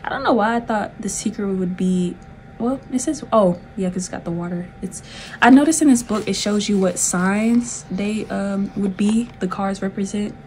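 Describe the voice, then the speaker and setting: A woman's voice: medium pitch, normal speed, a little mellow, slight background noise, low-quality recording. A woman from the South, giving a chatty, laid-back tarot reading with frequent giggles. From Southern United States. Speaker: tarot reader.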